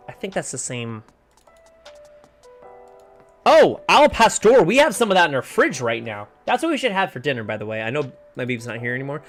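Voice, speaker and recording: A livestreamer thinking aloud while working through word clues in a puzzle game, often trailing off unsure. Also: medium pitch. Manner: muses over word clues, trails off with "I don't know".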